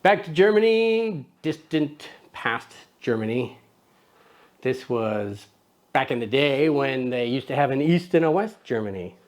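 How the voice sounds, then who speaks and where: A man's voice: medium pitch, big pitch swings, a little slow, a little hiss or hum. Playful man hosting a camera show. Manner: playful, jokey, talks to his toddler co-host. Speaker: camera review host. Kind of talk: casual chatty lens review.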